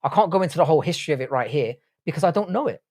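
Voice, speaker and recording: A man's voice: on the high side, lively intonation, very fast, a little mellow. Blunt British-accented man reading chat. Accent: British English. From Ireland, raised in England. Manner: crude, blunt, jokey banter with chat. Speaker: university professor. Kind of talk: casual live-stream chat.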